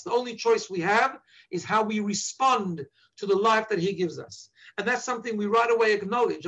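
A rabbi teaches listeners how to pray, explaining the liturgy in an earnest, instructive way and patiently repeating page numbers. His voice is high and fairly bright, and the recording sounds muffled.

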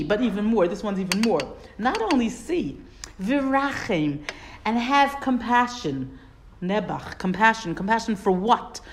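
A woman's voice: mid-range voice, expressive, a little slow, slight background noise. A woman teaching a Torah study class. She reads Hebrew phrases, translates them and asks questions as she explains.

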